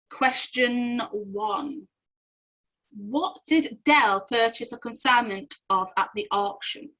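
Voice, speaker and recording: A woman's voice: fairly high pitch, pushed and bright, poor audio. Giggly woman reading quiz answers. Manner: giggly, chatty, often breaks into laughter. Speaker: quiz host. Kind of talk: casual quiz answer walkthrough.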